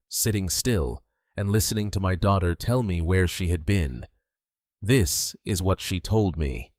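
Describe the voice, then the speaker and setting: An older man narrating a first-person story in a slow, steady, measured way. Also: sits low, dry recording, clean studio sound.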